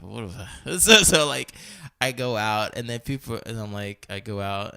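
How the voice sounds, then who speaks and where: A man's voice: medium pitch, moderate pace, creaky, smooth, dry recording, clean studio sound. A man casually telling a story on a podcast, acting out quotes and filling his talk with "like" and "you know". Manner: animated storytelling, acting out quotes in many voices; heavy use of filler "like" and "you know". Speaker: podcast co-host. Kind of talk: casual chat.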